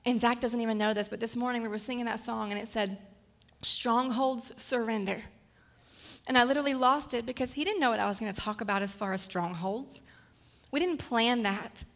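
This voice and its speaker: A woman's voice: on the high side, a little fast. A woman in her thirties preaching a personal, story-filled sermon. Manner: personal, storytelling, gets emotional and tearful at times. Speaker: guest speaker.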